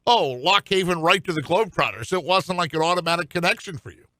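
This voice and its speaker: A man's voice: high voice, animated, fast talker, bright, forceful tone, no echo. A man hosting a sports radio show, asking questions in a rambling, chatty way full of fillers. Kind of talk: casual radio interview.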